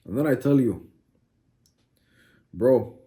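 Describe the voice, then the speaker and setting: A man's voice: medium pitch, expressive, moderate pace, warm tone. A man hosting a self-improvement video, delivering a brash, crude and mocking motivational monologue.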